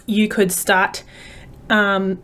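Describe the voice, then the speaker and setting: A woman's voice: mid-range voice, level tone, very slow, fairly bright tone. Chatty upbeat woman. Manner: chatty, upbeat, many fillers. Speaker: parenting coach. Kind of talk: casual talk to camera.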